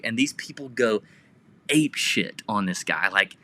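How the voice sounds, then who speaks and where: A man co-hosting a casual podcast, telling rambling stories with excitement. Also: on the low side, unhurried, no room sound. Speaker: podcast co-host.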